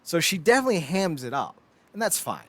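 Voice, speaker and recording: A man's voice: fairly high pitch, quick pace, no room sound. A man in his thirties hosting a podcast, chatting casually and joking with lots of laughter. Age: 30s. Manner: animated, joking, laughs often. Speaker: podcast host. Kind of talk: casual chat.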